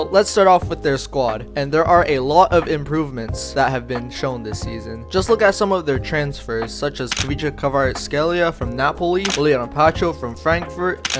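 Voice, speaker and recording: Chatty young man over music. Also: a little high. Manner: chatty, opinionated, joking asides. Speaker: football video host. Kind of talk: casual scripted commentary. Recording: music playing under the voice.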